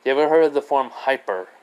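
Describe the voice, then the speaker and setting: Proud, boastful hedgehog hero, read by a man, mid-pitched, self-assured. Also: natural voice, poor audio.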